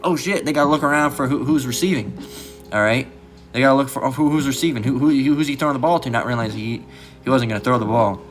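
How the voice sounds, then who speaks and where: A man giving casual, rambling commentary as a channel host, filling every pause with "all right" and "you know" and mocking others in a raised voice. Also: mid-range voice. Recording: music playing behind the voice.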